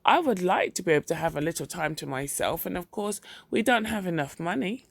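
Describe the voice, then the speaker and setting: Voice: medium pitch, big pitch swings, fairly quick, vocal fry, no room sound, clean studio sound. A reader voicing a cheerful, pious wife who talks sweetly and patronizingly about her husband, in a storybook reading. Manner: bright, sweetly chiding.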